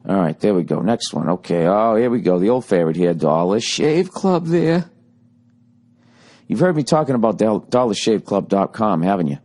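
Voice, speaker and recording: A man's voice: fairly low pitch, big pitch swings, normal speed, darkish tone. A man hosting his own podcast, reading ads with sarcastic, profane asides and then ranting casually, his voice worn from nightly shows. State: voice going hoarse from shows. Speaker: podcast host. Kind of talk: casual solo podcast rant with ad reads.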